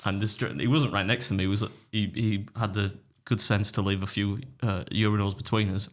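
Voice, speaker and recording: A man's voice: on the low side, level tone, fairly quick. Blunt, sweary man. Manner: blunt, sweary, dry teasing. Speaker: podcast co-host. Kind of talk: casual chat.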